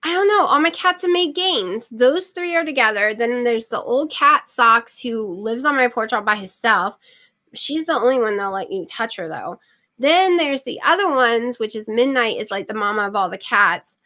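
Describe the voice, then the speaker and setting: A woman's voice: fairly high pitch, expressive, normal speed, sharp tone. A middle-aged woman hosting her channel, chatting casually and rambling with lots of fillers. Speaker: channel host. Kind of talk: casual livestream chat.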